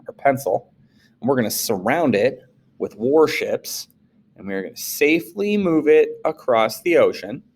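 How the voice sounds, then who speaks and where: A man, a social studies teacher, giving a casual classroom lecture, animated and playful, jumping into quick acted-out voices. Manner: animated, acts out quoted voices with big pitch jumps.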